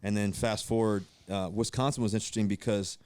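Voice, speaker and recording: A man's voice: lowish voice, a little fast, clear, resonant tone, no room sound. A man in his thirties from Virginia, a guest telling stories in a casual podcast chat, acting out the voices of people he quotes. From Virginia, USA. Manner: animated, acts out quoted voices, many fillers and restarts. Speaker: guest, pro football quarterback.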